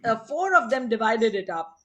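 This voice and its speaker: A woman's voice: a little high, sing-song, moderate pace, a bit bright. A woman reading anecdotes aloud on a video call, laughing often and acting out the quotes. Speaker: storyteller on a group video call.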